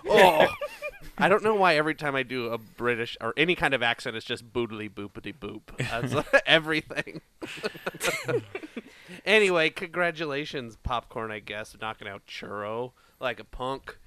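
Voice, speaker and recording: A man co-hosting a casual podcast, joking and rambling in an animated way. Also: mid-range voice, normal speed, clean tone. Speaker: podcast co-host. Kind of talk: casual chat.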